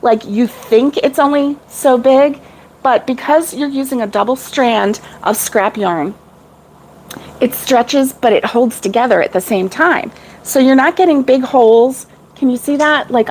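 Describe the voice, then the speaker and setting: A woman's voice: high-pitched, a little hiss or hum, poor audio. A middle-aged woman chatting casually with live viewers about crochet, rambling and laughing often. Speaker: crochet vlogger.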